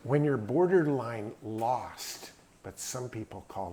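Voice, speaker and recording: A man's voice: medium pitch, expressive, slow pace, warm tone, slight background noise. A middle-aged man speaking at an event in a hangar, telling a folksy, emphatic story in a drawling manner. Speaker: guest speaker. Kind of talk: storytelling talk.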